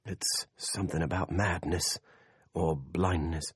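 A man's voice: deep voice, steady tone, slightly rough, no echo, studio quality, full character voice. A man doing a growly, pleading preacher. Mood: fearful. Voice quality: growly prayer voice. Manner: hushed, slow, pleading. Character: desperate pleading middle-aged male preacher. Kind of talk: audiobook character voice.

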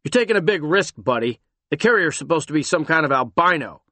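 Gruff pushy cop guy, man putting it on, loud and short with people, dry close sound. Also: a little high, expressive, a little fast, no room sound, voice pushed up. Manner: gruff, impatient, barking. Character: gruff impatient male street cop, all business.

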